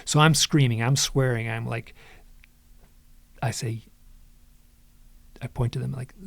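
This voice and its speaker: A man with a gravelly, fry-laden voice tells a story in a podcast conversation, acting out quoted dialogue and often restarting his sentences. The sound is dry and close, with no room echo. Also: medium pitch, steady tone, measured pace, long pauses, a bit bright. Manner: dramatic retelling, frequent restarts. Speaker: podcast guest, author.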